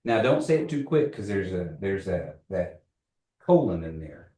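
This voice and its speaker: A man teaching a community language class, joking with students and slowly repeating phrases for them. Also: deep voice, very animated, mellow, distant mic. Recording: echoey classroom.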